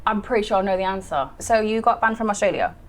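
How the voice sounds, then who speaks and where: A woman's voice: mid-range voice, expressive, fast, a little hiss or hum. A woman interviewing a guest, asking blunt, pointed questions in a casual conversation.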